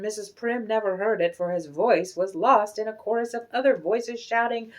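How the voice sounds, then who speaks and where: A woman reading a children's picture book aloud with expressive, animated storytelling. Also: mid-range voice, moderate pace, few pauses.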